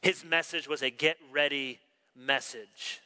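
A man preaching a sermon, animated, acting out the quoted dialogue of his story. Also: medium pitch, measured pace, clear, resonant tone. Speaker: pastor. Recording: long reverb of a large hall.

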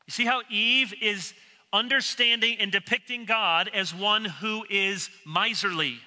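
A man preaching an expository sermon, emphatic and animated, dropping low and quiet when he quotes others. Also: a little slow. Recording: long reverb of a large hall.

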